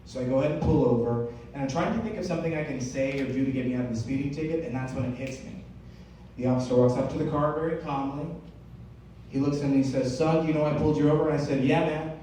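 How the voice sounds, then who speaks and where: A young man doing a stand-up comedy set on stage, telling stories with lots of filler "uh"s and slow, deadpan punchlines. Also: medium pitch, slight background noise. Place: comedy stage with a live audience. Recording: roomy, far-off live venue recording.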